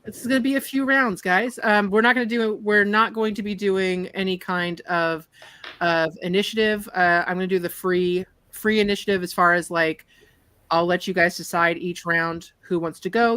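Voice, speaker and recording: A woman's voice: mid-range voice, steady tone, moderate pace, fairly bright tone. A woman running a tabletop game as game master, narrating scenes vividly and laughing with her players over a call. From Ireland.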